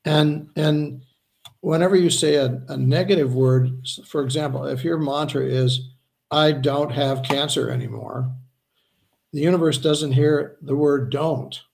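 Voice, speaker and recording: A man, a spiritual healer, earnestly explaining his ideas in a conversational interview, slowing down to stress points. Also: a little high, steady tone, vocal fry, a little mellow. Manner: earnest, slows down to stress points, acts out quoted voices.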